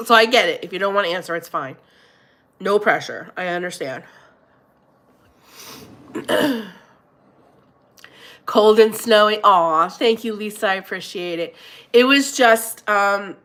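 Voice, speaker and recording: A middle-aged woman with a stuffy nose hosting a casual livestream, chatting with her viewers and greeting them warmly by name. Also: medium pitch. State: congested, blowing her nose. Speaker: livestream host reading viewer chat.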